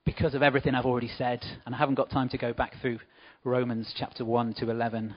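A man's voice: medium pitch, level tone, fast talker, muffled recording. A man giving an informal church talk, chatting with asides to the congregation. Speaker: church speaker.

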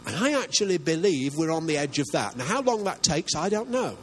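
A man's voice: on the high side, sing-song, a little fast, a bit bright, a little hiss or hum, poor audio. An older man preaching a sermon as pastor, earnest and emphatic, often asking his listeners questions.

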